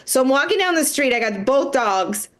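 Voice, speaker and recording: A woman with a high voice tells a comic story on a live stream. She talks in an animated, profane way and laughs her way through the telling. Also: normal speed. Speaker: comedian.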